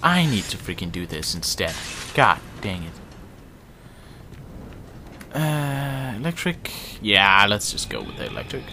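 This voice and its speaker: A man talks through his own gameplay in a casual let's-play, his pitch leaping up and down as he pleads with enemies and teases himself. The recording is noisy, with game sounds underneath. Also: wildly swooping pitch, unhurried, long pauses, bright, forceful tone. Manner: jumpy, self-mocking, talks to game characters. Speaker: gameplay commentator.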